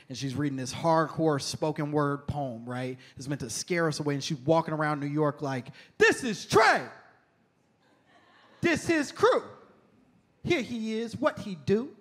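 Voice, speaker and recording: A man doing stand-up comedy on a club stage into a handheld mic, chatting with the crowd in a teasing, conversational way. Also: mid-range voice.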